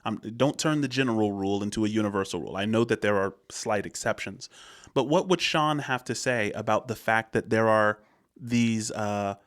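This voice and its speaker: Speaking at a moderate pace in a fairly low, fairly bright voice, this man from the United States offers casual commentary on a clip for a reaction video. He meanders as he thinks aloud, restarting sentences and leaning on fillers.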